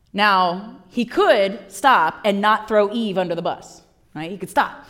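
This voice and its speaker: A woman in her thirties or forties preaching a sermon, telling the story with lively asides and acted-out voices. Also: mid-range voice, unhurried. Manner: animated storytelling, acting out voices.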